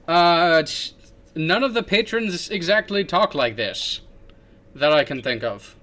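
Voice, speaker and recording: Goofy young man with a bright voice. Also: on the high side, lively intonation, measured pace. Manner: goofy, jumps into a silly put-on accent. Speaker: livestream host. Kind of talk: casual livestream chat while drawing.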